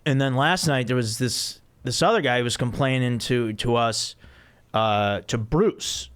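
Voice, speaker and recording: Host, male, clear smooth voice, rambling anecdotes, casual podcast chat. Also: mid-range voice, a little slow, fairly bright tone. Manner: rambling storyteller with many restarts and laughs.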